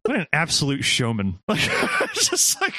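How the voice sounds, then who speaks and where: A man co-hosting a casual movie chat, animated and laughing, with quick impressions. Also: on the high side, soft background music. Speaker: podcast co-host.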